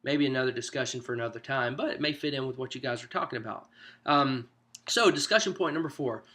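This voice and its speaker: A man's voice: medium pitch, quick pace, sharp tone. Guy pastor walking group leaders thru a handout, chatty and loose, normal mid voice. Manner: conversational, loose, with frequent "you know" asides. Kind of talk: informal teaching walkthrough.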